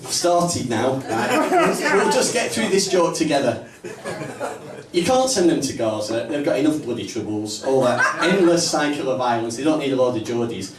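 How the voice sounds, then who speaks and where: A man with a Northern English accent doing a stand-up comedy set in a small pub club, with punchy, deadpan delivery. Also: medium pitch, moderate pace, over a noisy crowd. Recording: roomy, distant live mic, faint ambience.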